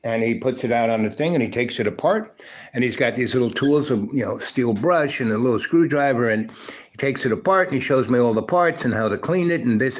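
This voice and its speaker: Rambling man telling old stories. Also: mid-range voice. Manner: meandering, full of "you know" and "right?". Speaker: livestream host. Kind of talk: rambling personal storytelling.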